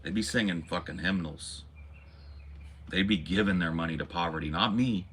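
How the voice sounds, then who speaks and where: Speaking at a moderate pace in a low, slightly bright voice with a breathy edge, a man hosting a podcast launches into a preachy, profanity-laden monologue full of passion.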